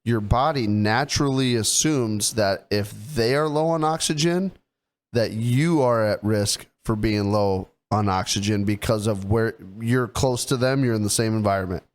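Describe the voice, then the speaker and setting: A man's voice: lowish voice, normal speed. A man in his thirties co-hosting a podcast, explaining things loosely and teasing his best friend in casual banter. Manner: teasing, joking, mocks his friend in put-on voices. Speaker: podcast co-host.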